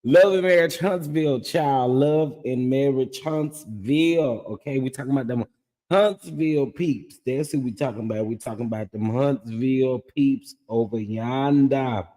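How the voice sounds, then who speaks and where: A man's voice: mid-range voice, measured pace, dark tone, long reverb tail. A man with a scratchy voice, casually hosting a livestream and chatting with viewers by name. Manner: greets viewers by name, drawls "child" and "y'all". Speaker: livestream host recapping a reality show.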